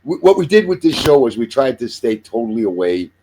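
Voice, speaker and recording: A man's voice: mid-range voice, very animated, brisk, mellow, a little hiss or hum. A man in his sixties hosting a casual chat show, rambling through jokes and movie picks and swearing freely. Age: 60s. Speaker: podcast host.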